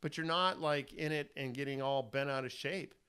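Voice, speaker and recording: A man's voice: medium pitch, normal speed, sharp tone, clear, resonant tone. A middle-aged man hosting a self-help talk, speaking in an earnest, rambling, fatherly way. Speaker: host. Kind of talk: casual self-help monologue.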